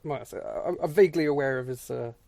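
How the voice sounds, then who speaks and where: A man's voice: mid-range voice, racing, gravelly, warm tone, dry recording. A man co-hosting a podcast, making dry, wry remarks with stammered restarts. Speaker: podcast co-host. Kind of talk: casual chat.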